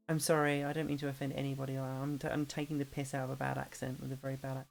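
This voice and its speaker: A woman's voice: very deep voice, flat delivery, very fast, vocal fry, few pauses, darkish tone, faint music behind. A woman streaming and chatting casually with viewers, rambling with lots of fillers and restarts. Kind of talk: casual chat with chat readers. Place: home streaming setup.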